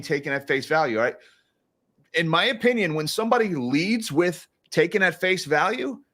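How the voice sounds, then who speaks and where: A man's voice: fairly high pitch, fairly bright tone. A man hosting a casual livestream of market commentary, chatty and given to sarcastic asides. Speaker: financial commentary host.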